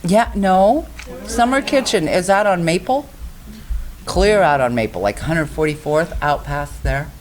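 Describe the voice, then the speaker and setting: A woman's voice: fairly low pitch, animated, a little slow, faint music behind, poor audio. A woman co-hosting a community TV talk show, chatting playfully and laughing easily. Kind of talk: casual banter on a community TV show.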